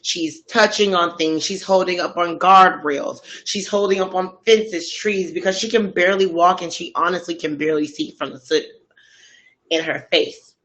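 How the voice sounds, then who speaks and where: A woman's voice: fairly low pitch, normal speed, fairly bright tone, poor audio. A woman casually recapping a true-crime story while eating, in a slangy, conversational way. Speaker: storytelling host.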